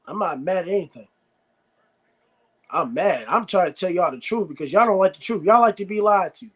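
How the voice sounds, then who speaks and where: A man's voice: high-pitched, lively intonation, brisk. A man hosting a live sports reaction stream, ranting bluntly and repeating himself. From United States. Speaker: sports show host.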